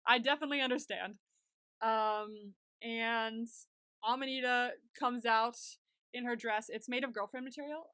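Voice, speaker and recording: Young woman, podcast co-host, gushing casual recap chat, bright tense tone, dry close sound. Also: fairly high pitch, moderate pace, dry recording. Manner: gushing, chatty, heavy use of "like".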